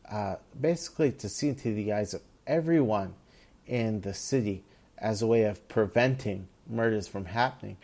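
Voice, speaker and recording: A man's voice: medium pitch, a little mellow. A man casually retelling a comic book story, reading its dialogue aloud with plenty of "uh" and "um" fillers. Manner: retells the panels with light quoted lines and many "uh" fillers. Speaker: comics reviewer.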